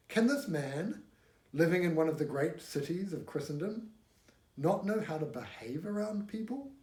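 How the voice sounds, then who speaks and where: A man reading a novel aloud in a measured, wry narrating voice, recorded at home. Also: on the high side, darkish tone. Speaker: audiobook reader. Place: home room. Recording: echoey room.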